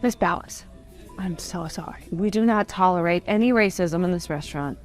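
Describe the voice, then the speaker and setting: A woman's voice: fairly low pitch, moderate pace, soft background music, lightly acted. A woman playing a firm restaurant manager who gives orders and scolds staff. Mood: apologetic. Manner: bossy, indignant.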